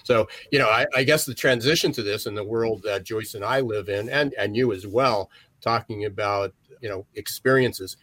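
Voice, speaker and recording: A man with a low-pitched voice co-hosts a conversational interview. He rambles and restarts his sentences as he sets up his questions. The sound is dry and close. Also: fairly bright tone, no room sound. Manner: rambling, many restarts and fillers. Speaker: podcast co-host.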